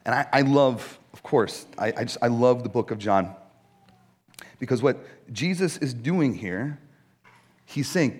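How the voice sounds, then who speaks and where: A man's voice: medium pitch, unhurried, husky. A man in his forties, a pastor giving a conversational sermon, telling stories with frequent "right?" asides. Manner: conversational, animated storytelling with many "right?" asides.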